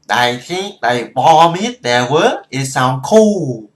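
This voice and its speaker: A man putting on a heavy Vietnamese accent, speaking slowly with strong vowels and rising pitch. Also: big pitch swings. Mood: instructive. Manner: slow, stressed vowels, rising intonation. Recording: echoey room.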